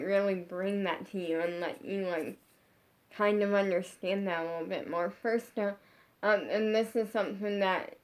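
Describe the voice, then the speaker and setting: A woman talks straight to her followers in a casual storytime vlog from her bedroom. Her sentences wander and restart, padded with 'like' at every turn, at an ordinary mid pitch. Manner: rambling, heavy use of 'like', frequent restarts. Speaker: social media creator.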